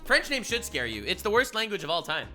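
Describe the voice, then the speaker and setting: A young man with a very bright, lively voice rants in a casual reaction stream. He swings from loud outbursts to low mutters, swearing freely. Faint music plays behind him. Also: fast talker. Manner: loud, swearing, ranting with big swings in loudness.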